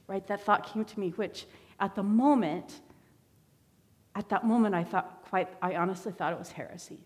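In a church sanctuary with long hall reverb, a woman tells her personal testimony as a church member, sharing her story conversationally like a sermon. Her mid-range voice is brisk and a little mellow.

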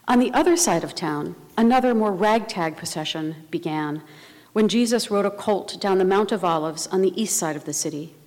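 A woman preaching a sermon in a measured, reflective way. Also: lowish voice, a little mellow. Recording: long reverb of a large hall.

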